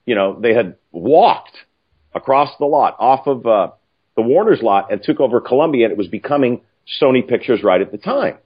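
An older man telling stories casually, animated and profane, acting out other people's lines. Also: mid-range voice, normal speed, breathy edge. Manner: animated, profane, acts out quoted voices. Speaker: film writer-director guest. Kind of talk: casual anecdotal storytelling. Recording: muffled lo-fi audio.

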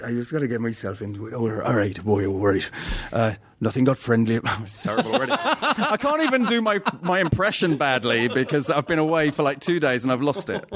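A man, an actor, chatting casually and telling animated stories with frequent laughter. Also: mid-range voice. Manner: animated storyteller, laughs often. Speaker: actor guest. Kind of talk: casual chat.

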